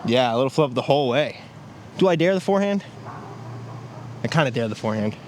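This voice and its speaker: A man's voice: mid-range voice, expressive, quick pace. A man giving casual commentary while throwing discs on an outdoor course, exclaiming at each shot. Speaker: disc golf reviewer. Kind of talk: casual play-along commentary. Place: outdoor disc golf course. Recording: outdoor field recording with faint noise.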